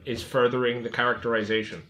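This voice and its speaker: A man's voice: medium pitch, flat delivery, quick pace, bright, forceful tone, a little hiss or hum. A man co-hosting a casual podcast chat, easygoing and agreeable, with plenty of fillers. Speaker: podcast co-host.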